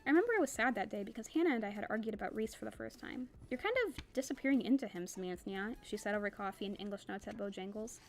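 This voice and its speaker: A woman's voice: medium pitch, very fast, vocal fry, few pauses. A young woman reading a novel aloud in a plain voice, breaking off now and then for chatty asides. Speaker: reader.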